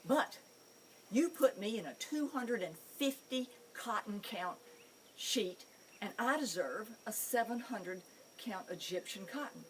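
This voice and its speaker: A woman's voice: medium pitch, animated, a little slow, far from the mic, slight background noise, close to an everyday voice. A woman voicing a haughty deceased male cat who demands finer things, in an indignant, entitled manner.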